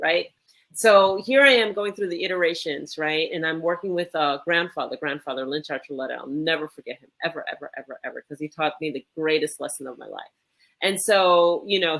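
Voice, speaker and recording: A woman who is a medicine woman, telling an animated, emphatic story in a conversation. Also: fairly low pitch.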